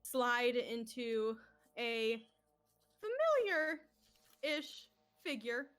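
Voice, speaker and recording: Slow, higher-voiced woman game master. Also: very animated, fairly bright tone. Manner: unhurried, laughs often while narrating. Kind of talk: narrating a tabletop game.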